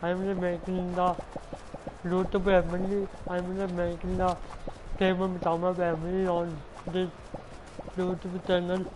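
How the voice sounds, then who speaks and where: A man streaming a game, talking in halting, repetitive English mixed with Hindi. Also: sits high, monotone, background noise. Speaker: gaming streamer. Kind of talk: casual live-stream chat.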